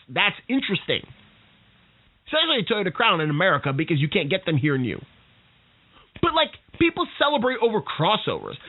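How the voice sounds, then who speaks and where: A podcast host rants in a lively, sing-song voice that swoops up and down, sounding exasperated and often stumbling over words. The recording is tinny and phone-like. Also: mid-range voice. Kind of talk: casual solo rant.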